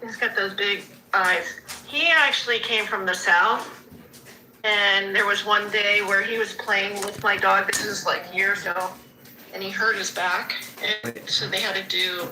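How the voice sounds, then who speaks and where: Woman rambling on casual about her pets, mid pitched, noisy around her. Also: pushed and bright. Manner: chatty, rambling, restarts often. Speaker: pet owner. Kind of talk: casual street chat.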